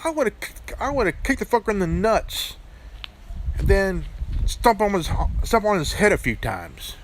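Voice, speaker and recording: Profane, animated man ranting on a vlog. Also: sits high, unhurried, slight background noise. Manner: crude, profane, with stammering restarts. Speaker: channel host. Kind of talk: casual vlog rant.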